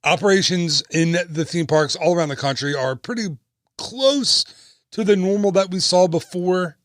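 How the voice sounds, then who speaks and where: A man's voice: high voice, normal speed, no room sound, studio quality. A man in his thirties hosting a casual travel podcast, upbeat and chatty with joking asides. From United States. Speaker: podcast host and travel agent.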